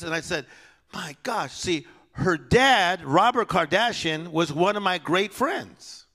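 A male preacher with a high, gravelly voice delivers a sermon, at times calling out loudly and at times dropping to a hushed storytelling tone. His delivery is unhurried, and soft piano music plays behind him. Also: sing-song. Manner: swings between loud exhortation and hushed storytelling.

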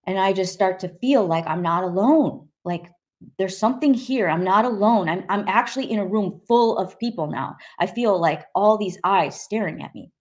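A woman's voice: mid-range voice, normal speed, darkish tone. Woman telling a vivid personal testimony. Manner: vivid and emphatic, acting out quoted voices. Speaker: guest sharing a personal testimony.

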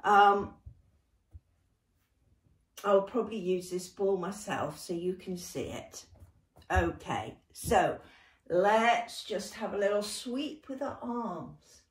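A young woman with a British accent guides a gentle exercise session in a slow, unhurried way. She sounds encouraging and laughs readily. Her voice echoes around the room, caught by a mic some way off. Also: medium pitch, recorded from a distance. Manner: warm, encouraging, laughs often. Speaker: dance and movement workshop leader.

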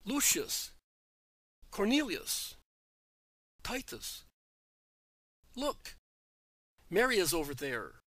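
A man reading as an excited Greek onlooker. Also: sits high, moderate pace, long pauses, dry recording, heavily acted. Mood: insistent. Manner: insistent, calling out.

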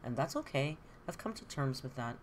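A woman's voice: very deep voice, sing-song, moderate pace, a little hiss or hum. A middle-aged woman hosting a live stream, chatting candidly and answering comments from her viewers. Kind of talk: casual live-stream chat.

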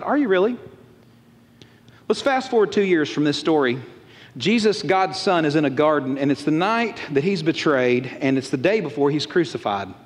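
A pastor preaching a folksy, animated sermon and acting out quotes. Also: male voice, a little high, moderate pace. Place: church auditorium. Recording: long reverb of a large church hall.

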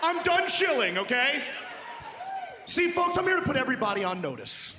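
A man's voice: very high-pitched, very animated, normal speed. A man from Long Island, New York, cutting a boastful, mocking wrestling promo into a handheld mic in a large indoor arena. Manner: boastful, mocking trash talk. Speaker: pro wrestler. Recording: echoey arena hall with loud crowd.

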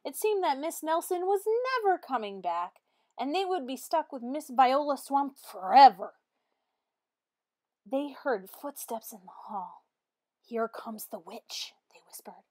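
A woman teacher reading a children's picture book aloud with expressive, animated narration. Her voice sits a little high and rises and falls in wide, lively swings. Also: measured pace. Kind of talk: read-aloud storytelling.

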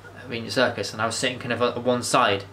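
Fast-talking, bright-voiced man. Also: medium pitch, fairly even intonation, a little hiss or hum. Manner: rambling and enthusiastic, with frequent restarts and swearing. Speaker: vlogger. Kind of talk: casual movie review monologue.

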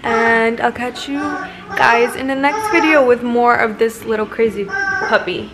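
A woman vlogs from home in a slightly high, unhurried voice, a little out of breath. She chats casually and coos at her puppy. Steady background noise runs under the recording. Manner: playful, mixes in Spanish words, coos at a puppy. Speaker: vlogger. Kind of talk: casual vlog chat. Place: home indoors.

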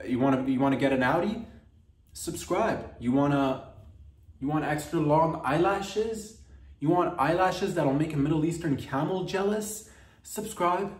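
A man's voice: a little high, unhurried, distant mic. Comic man, rambling and playful, heard from across a roomy space. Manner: playful, riffing, drifts into mock accents. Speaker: comedy podcast host. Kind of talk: rambling comedic monologue. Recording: roomy sound from off-mic.

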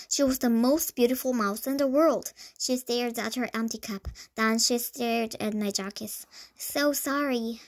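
A woman reading a children's book aloud, in a lively storytelling manner with small stumbles. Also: on the high side. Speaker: storybook reader.

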